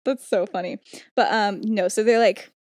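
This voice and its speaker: A woman's voice: mid-range voice, fairly even intonation, normal speed, darkish tone, no room sound, studio quality. A young woman co-hosting a podcast, giggling as she retells a story in casual chat, full of "like". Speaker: podcast co-host.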